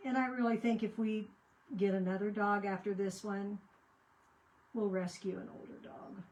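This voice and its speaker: A woman's voice: medium pitch, steady tone, moderate pace, darkish tone, muffled recording. An older woman chatting casually as she crafts at home, rambling and often trailing off mid-sentence. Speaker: crafting channel host. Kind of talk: casual chat while crafting.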